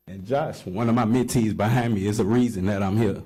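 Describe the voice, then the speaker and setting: A man from Baton Rouge, giving a heartfelt, halting personal testimony at a council podium. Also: on the low side, steady tone, mellow, breathy edge. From Baton Rouge, Louisiana. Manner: heartfelt, halting, with many "um" pauses. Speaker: community program participant and mentor. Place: council chamber, speaking at a podium.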